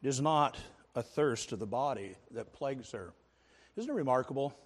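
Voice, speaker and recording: A male pastor delivers a sermon in a medium-pitched voice, explaining a text earnestly and leaning hard on key words. His voice carries a long reverb, as if filling a large church sanctuary. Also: animated, normal speed, slightly rough. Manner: earnest expository preaching, rising to emphatic stress.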